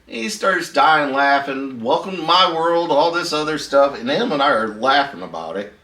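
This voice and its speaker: Middle-aged man, easygoing vlog host, mid pitch, recorded on a camera mic at some distance. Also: expressive, moderate pace, sharp tone. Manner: laid-back, chatty, laughs at his own story. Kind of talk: casual storytelling vlog. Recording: echoey room, voice a bit off-mic.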